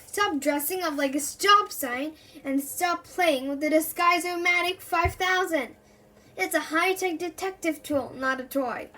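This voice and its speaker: Kid detective Andy, impatient and bossy, read by a woman, high-pitched and unhurried. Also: bright, forceful tone, full character voice.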